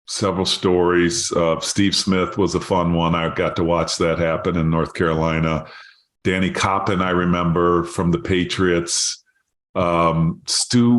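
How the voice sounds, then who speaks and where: Man, podcast host, deep low voice, casual interview chat, prompting questions. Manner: lively storyteller who acts out quotes.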